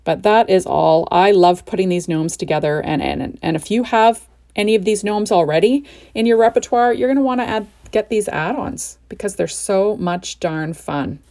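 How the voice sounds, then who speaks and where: A woman's voice: mid-range voice, normal speed, mellow. A woman hosting a crafting tutorial, explaining each step in a chatty, enthusiastic way and often asking "right?". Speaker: crafting video host. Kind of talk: card-making tutorial narration.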